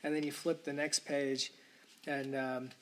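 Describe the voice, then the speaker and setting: A man's voice: mid-range voice, flat delivery, a little slow, fairly bright tone, a little hiss or hum. A man hosting a podcast, delivering a rambling, indignant solo rant full of profanity. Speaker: podcast host. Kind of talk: ranting solo podcast monologue.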